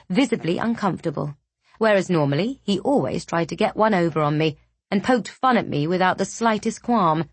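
A woman narrating a first-person novel in a measured, even audiobook reading. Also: mid-range voice, breathy edge, no room sound.

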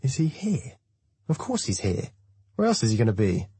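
A man's voice: mid-range voice, big pitch swings, fairly quick, darkish tone, slightly rough, no room sound, pitched above the performer's own voice. A man narrating an audiobook, voicing a suspicious, scolding old woman guarding a house. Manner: scolding, brusque.

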